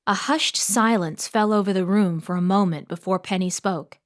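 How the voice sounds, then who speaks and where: A woman narrating an audiobook in a steady storytelling manner. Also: medium pitch, moderate pace, few pauses. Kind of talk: scripted narration.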